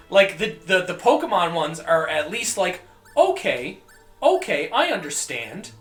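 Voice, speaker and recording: A man streaming a video game, rambling and joking with profanity, often coughing and clearing his throat. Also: sits high, sharp tone, reverberant. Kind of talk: casual gameplay commentary.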